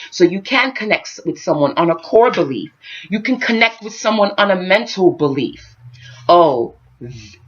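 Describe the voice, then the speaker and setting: A woman's voice: fairly low pitch, muffled recording. A woman vlogger telling a story and giving spiritual life advice, talking straight to her viewers. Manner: expressive, addresses viewers directly. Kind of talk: animated storytelling monologue.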